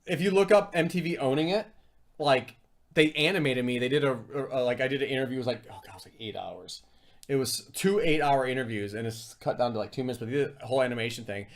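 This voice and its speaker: A man in his young adult years chatting casually on a live food review stream. He rambles through his stories, full of fillers and self-deprecating asides, in a voice of ordinary middle pitch. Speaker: co-host of a food review livestream.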